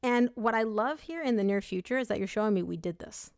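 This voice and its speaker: A woman reads tarot cards in a chatty, upbeat way, speaking straight to her viewers. Her voice sits at a middle pitch. It is close and dry, with no room echo. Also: fairly quick, a little mellow. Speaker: tarot reader. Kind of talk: tarot reading monologue.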